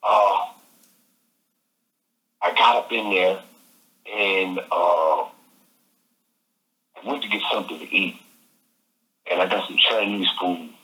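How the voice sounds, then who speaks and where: Animated man over a phone line. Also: low-pitched, slow, long pauses. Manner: animated, repeats phrases, says "man" often. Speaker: interview guest. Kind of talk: casual storytelling.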